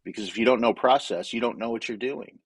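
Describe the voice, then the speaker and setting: A man's voice: mid-range voice, quick pace, slightly rough, no echo. A man from Wyoming, a guest in a casual interview, speaking candidly in a storytelling way with frequent restarts.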